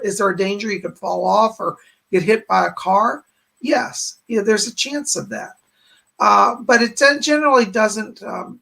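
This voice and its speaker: A man's voice: high voice, creaky, fairly bright tone, breathy edge. A man who is a psychic medium, hosting a live stream in a chatty, rambling way and greeting viewers by name. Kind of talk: casual live-stream chat.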